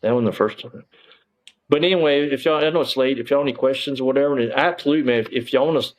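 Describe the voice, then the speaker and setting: A man's voice: medium pitch, steady tone, rapid-fire. A middle-aged man, telling his story as an interview guest, bluntly and emphatically, with plenty of cursing and fillers. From Texas.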